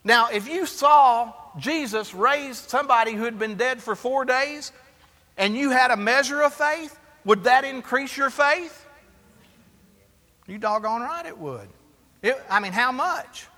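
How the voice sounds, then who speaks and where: High-voiced, bright preaching man. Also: long reverb tail. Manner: animated preaching, rhetorical questions to the congregation. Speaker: pastor. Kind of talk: sermon.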